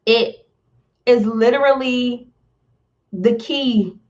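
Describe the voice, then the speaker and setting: A woman talking slowly and with feeling on a live stream, close to tears at times and repeating words as she reaches for them. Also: a little high, darkish tone, muffled recording. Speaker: motivational speaker on a live stream. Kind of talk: heartfelt live-stream talk.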